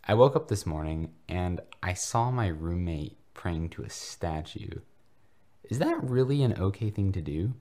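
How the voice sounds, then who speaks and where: A man's voice: deep voice, expressive, unhurried, mellow. A man voicing an eager, innocent young schoolboy who exclaims delightedly and stammers when shy. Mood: earnest.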